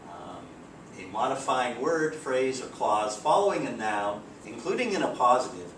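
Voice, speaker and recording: A man teaching a grammar lesson in a relaxed, explanatory way with frequent fillers, recorded from a distance. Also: mid-range voice. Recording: roomy, distant mic, faint background hiss.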